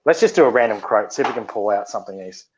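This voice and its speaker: A man's voice: on the low side, racing, muffled recording, noisy background. Sweary blunt podcast man. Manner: blunt, sweary, animated storytelling. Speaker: podcast co-host. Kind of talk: casual podcast chat.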